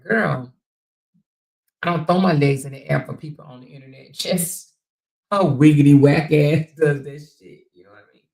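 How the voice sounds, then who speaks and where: A woman's voice: low-pitched, fairly even intonation, moderate pace, vocal fry, a little mellow. A woman hosting a casual livestream, talking bluntly and mockingly to her chat viewers with plenty of profanity. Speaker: livestream commentary host.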